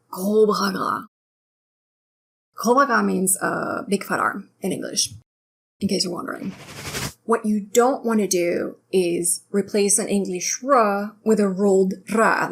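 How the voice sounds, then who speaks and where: A woman narrating a scripted pronunciation tutorial, articulating clearly and upbeat. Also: mid-range voice. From France. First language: French. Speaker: language teacher.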